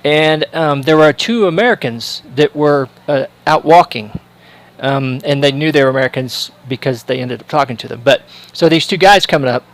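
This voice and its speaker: A male commentator with a fairly high voice passes the time on a sports livestream with casual chat. He rambles from one thought to the next, and his talk is packed with fillers, restarts and asides. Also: moderate pace, hardly any pauses, poor audio.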